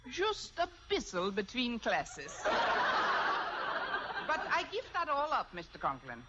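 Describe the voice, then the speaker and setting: Lady hamming up a boozy german schoolteacher, fake accent, jokey drawn-out words, muffled old radio hiss. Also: on the high side, wildly swooping pitch, full character voice. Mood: cheeky. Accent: put-on German. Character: boozy brash female German teacher. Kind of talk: 1940s radio comedy acting. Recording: hissy lo-fi old radio broadcast.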